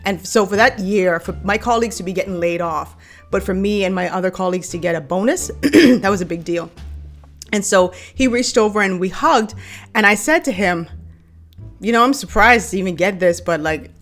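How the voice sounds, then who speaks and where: A woman's voice: mid-range voice, moderate pace, soft background music. A woman in her thirties from the Bahamas with a Bahamian accent, giving blunt opinions in a casual vlog and speaking straight to her viewers. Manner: blunt, animated storyteller who addresses viewers directly. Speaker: vlogger.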